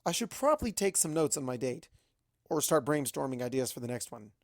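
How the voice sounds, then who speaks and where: A man narrating a fan-fiction story in first person, with a brisk, wry, chatty delivery. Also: mid-range voice, big pitch swings, no echo, studio quality. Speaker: fanfic reader.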